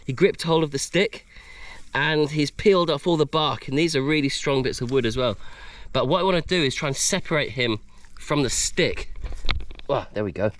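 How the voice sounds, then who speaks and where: A man vlogging while he hunts food outdoors on a tropical island, excitable and out of breath, exclaiming as he narrates. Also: on the high side, normal speed, no echo. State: out of breath, sweating. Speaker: bushcraft vlogger. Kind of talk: excited handheld outdoor vlog.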